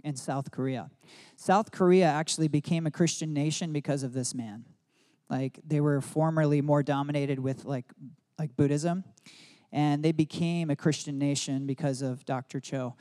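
Male pastor, slightly high warm voice, chatty storytelling sermon. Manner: storytelling, conversational with frequent "like". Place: church service.

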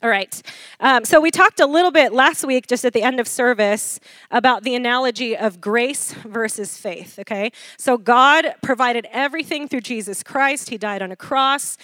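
A woman preacher delivering a lively sermon, laughing often and calling for responses from the congregation. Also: on the high side, normal speed, dry recording.

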